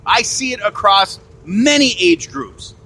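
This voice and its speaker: Recorded on a phone, a male podcast host rants an opinion monologue in an extremely high, bright, creaky voice. He's unhurried but forceful, blunt and indignant, swearing and repeating himself.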